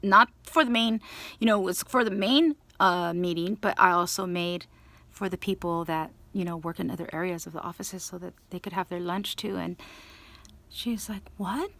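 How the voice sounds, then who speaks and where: A woman with a gravelly, creaky voice tells a long personal story in a loose, rambling way. She acts out the lines of the people she quotes and keeps restarting and trailing off into asides. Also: fairly low pitch, normal speed, no echo. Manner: rambling, animated retelling with quoted dialogue. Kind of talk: casual storytelling monologue.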